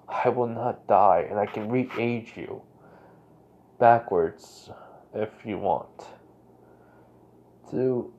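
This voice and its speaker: A man voicing an immortal fourteen-year-old boy hero who talks in a slow, measured, quietly threatening way. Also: on the low side, highs cut off.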